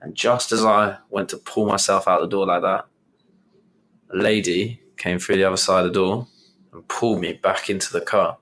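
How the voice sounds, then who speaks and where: A man's voice: low voice, steady tone, normal speed, fairly bright tone. A young man hosting a podcast, telling a personal story in a rambling, conversational way with many restarts. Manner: rambling, restarts and retells with quoted inner thoughts. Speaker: podcast host.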